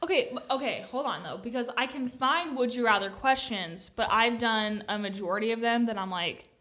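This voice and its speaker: A young woman co-hosting a casual chat, quick to react with expressive exclamations. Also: on the high side. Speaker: podcast co-host.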